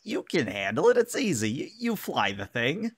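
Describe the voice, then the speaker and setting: A man's voice: medium pitch, wildly swooping pitch, moderate pace, breathy edge, no echo. A man voicing a defensive young ensign with Vulcan ears in a tabletop game.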